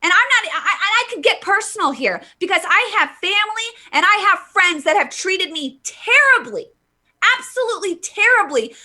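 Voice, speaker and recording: With a very high-pitched, pushed, bright voice, a woman vents heatedly on a live vlog in a political rant. She reads comments from viewers and keeps tripping into restarts while stressing words emphatically.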